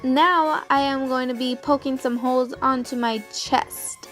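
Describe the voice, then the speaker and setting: A woman's voice: high voice, measured pace, over music. A young woman giving step-by-step voice-over narration for a makeup tutorial. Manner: steady step-by-step instructions. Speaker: makeup vlogger.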